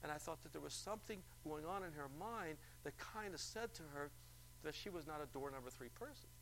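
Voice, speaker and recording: A man's voice: on the high side, lively intonation, a little fast, fairly bright tone, slight background noise, rough recording. A male preacher telling a story in a church service and firing rhetorical questions at the congregation. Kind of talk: sermon.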